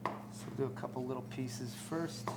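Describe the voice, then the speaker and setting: A man's voice: mid-range voice, steady tone, moderate pace, noisy background. A man hosting a cooking show in a studio kitchen, walking through a recipe step by step in an upbeat, joking way. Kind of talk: on-air cooking demonstration.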